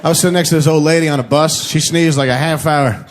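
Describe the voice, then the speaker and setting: A man performing a stand-up comedy set on a club stage, acting out sneezes with shrieking high yelps, recorded on a handheld mic with audience laughter behind. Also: steady tone, fast talker. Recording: live club mic, loud crowd laughter.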